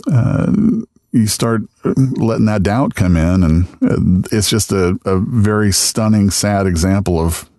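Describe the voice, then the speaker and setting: A man being interviewed as a guest, speaking casually in halting, reflective phrases with many fillers. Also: lowish voice, warm tone, no room sound, studio quality. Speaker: radio voice talent, guest.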